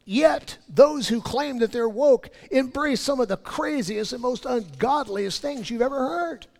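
A man preaching a sermon, rising loud on his key points and dropping low for scripture. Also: animated, a little slow, gravelly. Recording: long hall reverb.

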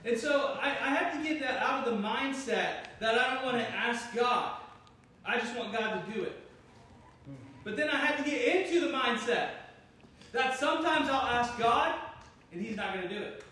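A pastor preaches a sermon to his congregation in a church hall, joking, teasing the people before him, and laughing at himself. His very high-pitched voice is bright and forceful, with lively intonation at a normal pace. Picked up from a distant mic in a very echoey room, the voice sounds far away over faint noise.

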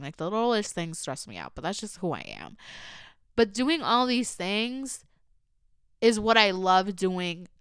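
A young woman hosts her own podcast in a casual solo chat, emotional and earnest, using "like" a lot and slipping into stock phrases. Her mid-range voice is a bit bright with a clean tone, captured in a dry, studio-quality recording.

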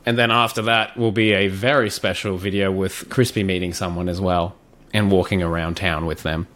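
A man's voice: low-pitched, steady tone, moderate pace, a bit bright. A man co-hosting a podcast in casual chat, laid-back and joking, fond of teasing his co-host.

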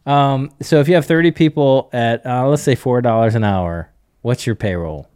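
A middle-aged man talking in a casual podcast conversation, coaching in an animated way, acting out bits of dialogue and chuckling often. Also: mid-range voice, normal speed, smooth, dry recording, clean studio sound.

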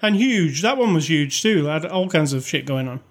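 Chatty man reviewing movies, slightly high voice. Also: lively intonation, moderate pace. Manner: rambling, conversational, many fillers and restarts. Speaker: podcast co-host. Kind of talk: casual movie review chat.

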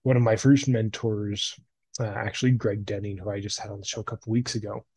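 A man's voice: lowish voice, level tone, brisk, darkish tone, breathy edge, no room sound. A man in his twenties hosting a podcast interview, chatty and upbeat, laughing easily with his guest. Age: 20s. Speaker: podcast host and life coach.

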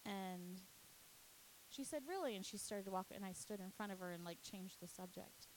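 A woman's voice: medium pitch, little pitch movement, normal speed, a little hiss or hum, rough recording. A woman, a youth pastor, earnestly telling a personal faith testimony, at times emotional. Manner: earnest storytelling, often emotional.

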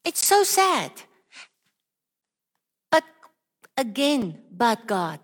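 A woman's voice: on the high side, big pitch swings, drawn-out words, big-room sound. A woman preaching a sermon, earnest and questioning, with many repeated rhetorical questions.

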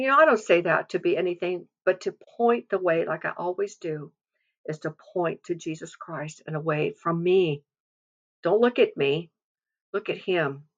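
A woman's voice: fairly low pitch, a bit bright, highs cut off. A woman giving an earnest devotional testimony, telling a story and quoting scripture. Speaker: devotional speaker.

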